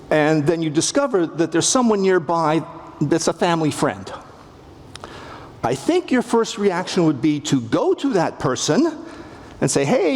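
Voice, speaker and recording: A man's voice: fairly high pitch, darkish tone. A middle-aged man with a Canadian accent giving a wry, humorous public lecture on a theatre stage, acting out quotes as he goes. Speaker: literature professor lecturing. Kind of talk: public lecture to a live audience. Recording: long reverb of a big hall, faint ambience.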